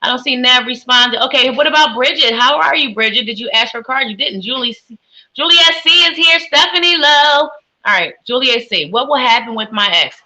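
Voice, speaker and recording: A woman's voice: sits high, animated, fairly quick, pushed and bright, poor audio. A woman hosting a live psychic stream, giving tarot readings and greeting viewers in a sing-song, effusive way. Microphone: webcam with ring light.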